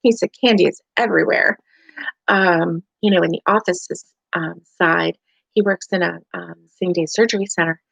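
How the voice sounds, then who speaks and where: A woman's voice: lowish voice, fairly even intonation, normal speed, creaky, a bit bright, no echo. A middle-aged woman with a Southern US accent, hosting a casual live crochet chat at home, rambling and tired, with many fillers. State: tired and yawning. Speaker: crochet livestream host. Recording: dry, dull lo-fi home stream.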